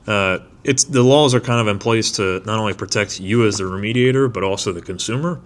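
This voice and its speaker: Guest, male, very deep voice, measured and hesitant. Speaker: licensed mold assessor, guest. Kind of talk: casual podcast conversation.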